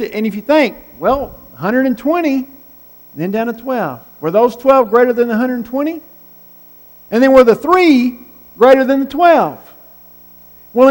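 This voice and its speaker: A man preaching a sermon in a conversational way, posing rhetorical questions to his listeners. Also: very high-pitched. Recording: long hall reverb.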